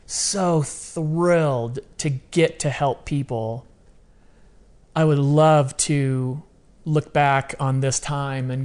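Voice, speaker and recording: A man talking as a podcast guest in a casual interview, animated and repeating phrases for emphasis. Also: medium pitch.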